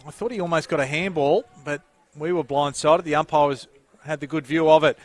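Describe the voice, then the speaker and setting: An Australian man calls football play-by-play through a headset in a fairly high, steady voice, lifting and quickening his delivery on the action calls.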